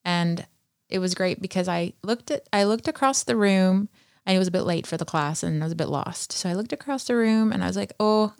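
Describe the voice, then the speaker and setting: Chatty, animated woman, dry close sound. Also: mid-range voice, a little fast, vocal fry, no room sound. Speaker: interview guest. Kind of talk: conversational interview storytelling.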